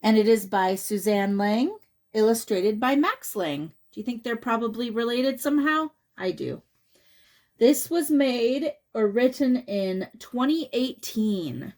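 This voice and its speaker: A woman's voice: a little high, lively intonation, unhurried, a little mellow. Chatty woman reading to kids. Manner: chatty, asks the child questions. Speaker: children's story reader. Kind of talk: reading a picture book aloud to children.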